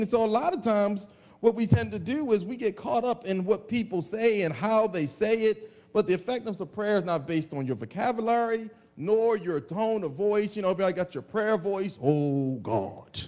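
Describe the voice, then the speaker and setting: A male pastor delivering a lively, humorous sermon to a congregation, acting out comic voices. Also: sits high, a little fast. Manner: animated preaching with comic voices and laughter.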